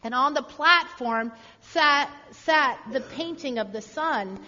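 High-voiced woman preaching in a hall. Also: slow pace. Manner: animated, emphatic, with fillers. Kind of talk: sermon with storytelling. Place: church. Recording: echoey hall, dull sound.

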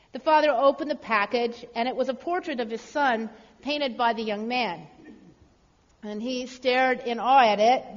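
High-voiced woman preaching in a hall. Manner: animated, emphatic, with fillers. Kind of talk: sermon with storytelling. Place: church. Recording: echoey hall, dull sound.

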